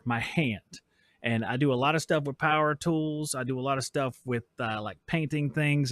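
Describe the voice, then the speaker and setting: A man's voice: mid-range voice, no room sound, studio quality. A man in his forties hosting a casual live stream from his workshop, joking around and reading chat messages aloud. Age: 40s. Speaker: podcast host. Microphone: switches mics midway.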